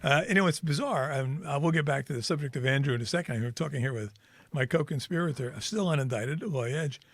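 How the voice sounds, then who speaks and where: A man's voice: a little high, fast talker, dry recording. A man co-hosting a casual podcast, a wry, joking storyteller who keeps the chat moving. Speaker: podcast co-host. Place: Kansas City.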